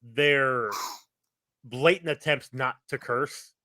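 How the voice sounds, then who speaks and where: Male podcast co-host, bright tone, loose rambling chat. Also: medium pitch, slow pace, no echo. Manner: rambling, many restarts and fillers. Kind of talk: casual chat.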